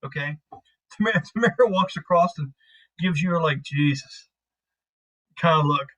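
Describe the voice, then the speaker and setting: A man's voice: a little high, brisk, pushed and bright, low-quality recording. A man narrating as game master of a tabletop game, casual and profane, rambling through scenes.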